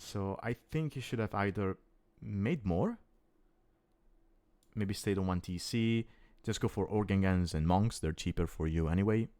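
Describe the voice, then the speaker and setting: Low-voiced caster. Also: male voice, measured pace, darkish tone. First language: Italian. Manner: thinking aloud, restarting words mid-phrase. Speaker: esports caster. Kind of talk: live strategy game commentary.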